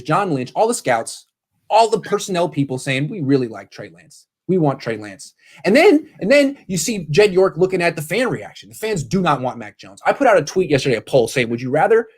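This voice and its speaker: A man hosting a casual sports talk show, animated and quick to paraphrase what others said. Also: a little high. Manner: animated, quotes people in paraphrase. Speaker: sports podcast host.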